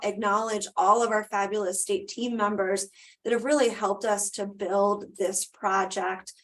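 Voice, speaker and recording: A woman presenting a live webinar over a video call, answering questions and wrapping up in a conversational way with frequent ums. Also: medium pitch.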